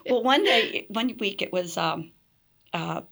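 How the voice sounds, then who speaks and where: A middle-aged woman chatting as a podcast guest, her pitch sitting right in the middle for a woman. She tells her stories with animation, laughing often and slipping into the voices of the people she quotes. Her delivery is conversational and unscripted. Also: lively intonation, slow pace, creaky, a bit bright. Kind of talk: storytelling in conversation.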